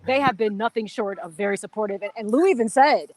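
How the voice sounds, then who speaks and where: A woman's voice: medium pitch, fast, darkish tone, no echo. Woman cohost chatting away on a remote broadcast, keeps saying you know. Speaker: co-host. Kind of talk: live sports radio chat. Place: golf country club, on location.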